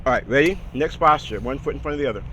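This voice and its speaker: A man teaching a casual singing lesson, talking through posture steps in a relaxed way and checking in with the listener. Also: mid-range voice, rapid-fire. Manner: relaxed, talks through steps with "all right?" and "okay". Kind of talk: casual vocal lesson with exercises. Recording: outdoor traffic noise behind.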